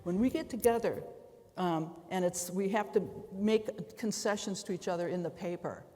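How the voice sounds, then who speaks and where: A woman on a conference panel tells stories with folksy, quick asides. Her middling voice carries through a large hall with a long reverb tail. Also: mid-range voice, warm tone. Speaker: law professor panelist. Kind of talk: panel discussion on stage.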